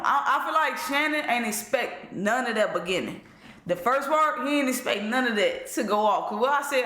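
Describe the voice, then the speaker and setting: Man, reaction host, bright tense voice, laid-back slangy chat, echoey room. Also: sits high. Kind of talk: casual commentary.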